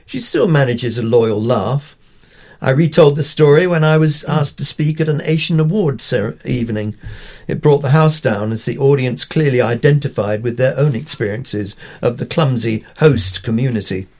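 A man's voice: medium pitch, moderate pace, a little mellow. An older man from Pakistan reading his own opinion column aloud, with wry, dry humour. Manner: wry, dryly humorous storytelling.

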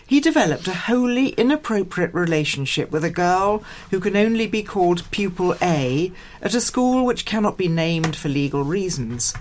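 A woman reading a written editorial comment aloud in a measured, formal way. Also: lowish voice. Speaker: editorial reader.

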